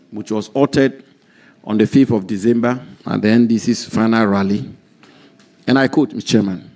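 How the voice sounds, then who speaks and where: A man with a Ghanaian accent, a committee member putting formal questions to a nominee in a parliamentary hearing, deliberate and repeating key points for emphasis. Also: mid-range voice, a little mellow.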